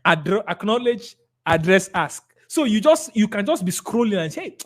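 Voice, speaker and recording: A man with a Nigerian accent coaches a room on closing sales. He is emphatic, drills key words again and again, and acts out little dialogues with clients. His voice sits a bit higher than most men's. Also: sing-song, normal speed. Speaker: sales trainer. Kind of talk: live sales training talk.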